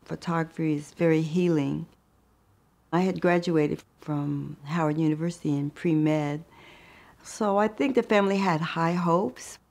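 An older woman photographer telling her life story in a thoughtful, unhurried way. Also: sits low, vocal fry. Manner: thoughtful, unhurried, with soft laughs. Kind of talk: reflective personal storytelling.

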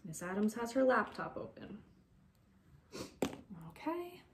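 Young woman teacher, kinda high voice, encouraging little kids, spells words out slow. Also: sing-song, noisy background. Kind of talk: recorded spelling lesson for young pupils.

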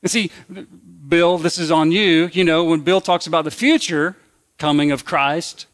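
A man's voice: a little high, moderate pace, fairly bright tone. A man preaching a sermon as pastor, in a conversational, folksy way that repeats and restarts phrases.

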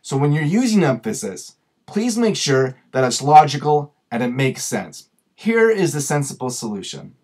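A man hosts a short tutorial, walking the listener through examples at an unhurried, patient pace. His voice sits a little high and has a husky edge. He slows right down whenever he wants a word to stand out. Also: very animated, darkish tone. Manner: patient, explains with examples, slows down to stress words. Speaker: grammar and communications video host. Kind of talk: explanatory tutorial talk.

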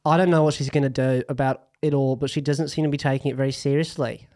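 A man's voice: medium pitch, steady tone, fast, darkish tone, close to an everyday voice. A man reading a listener's letter aloud in a put-on Australian accent, voicing a cheery but worried young woman writing in.

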